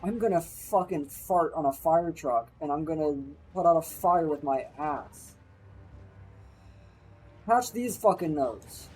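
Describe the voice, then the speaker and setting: A man's voice: on the high side, normal speed, few pauses, a little mellow, breathy edge, faint music behind, poor audio. A young man streaming a game live, ranting and swearing constantly at what happens on screen. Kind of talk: live gaming commentary.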